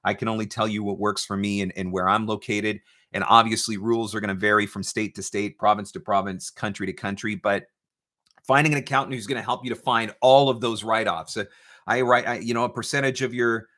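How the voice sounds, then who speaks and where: A man's voice: on the low side, steady tone, brisk, pushed and bright. A man hosting a casual advice livestream from his studio, talking conversationally and often repeating words as he restarts. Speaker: voice-over business coach, livestream host. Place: home studio.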